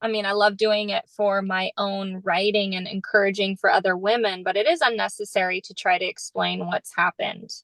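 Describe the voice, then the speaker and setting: A woman's voice: medium pitch, level tone, normal speed, few pauses, a bit bright, no room sound, low-quality recording. A woman author chatting on a podcast, talking in an earnest, reflective, spiritual way. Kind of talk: casual podcast chat.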